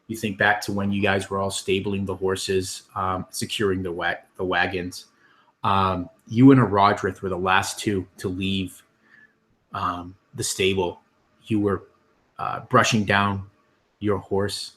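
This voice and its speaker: Low-voiced man running a tabletop game. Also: flat delivery, measured pace, a bit bright. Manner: hesitant, many ums and restarts. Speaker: game master.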